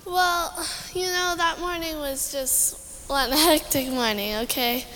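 A woman's voice: high voice, fairly even intonation, slow pace, sharp tone, in a large hall, a little hiss or hum, low-quality recording. A young woman answering onstage interview questions shyly and casually, with lots of fillers. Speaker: interview guest. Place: large arena stage.

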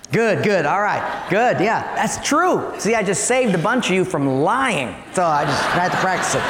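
High-voiced male pastor, animated, engaging the room, long hall reverb. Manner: animated storytelling, engages congregation. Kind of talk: sermon.

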